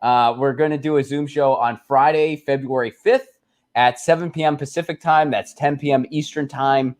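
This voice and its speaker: A man's voice: medium pitch, steady tone, moderate pace, a little mellow. Easygoing man with a Pittsburgh accent. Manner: easygoing, self-deprecating. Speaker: guest, comedian. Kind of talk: casual conversation.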